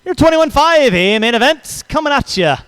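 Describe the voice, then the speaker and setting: High-voiced jokey race announcer man. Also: lively intonation, fairly bright tone, no room sound, rough recording. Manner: brisk, jokey, calls names in quick runs. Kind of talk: live race commentary.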